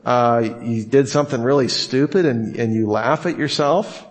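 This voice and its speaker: A man's voice: medium pitch, moderate pace. A man teaching a class on how to preach, talking casually, joking and acting out quotes. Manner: casual, jokey, acts out quotes with laughs. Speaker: Bible teacher. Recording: long hall reverb.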